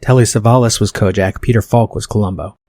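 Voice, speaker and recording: A man's voice: fairly low pitch, steady tone, dark tone, dry recording, studio quality. A man reading a know-it-all young film buff. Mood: correcting. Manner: correcting others with quick facts.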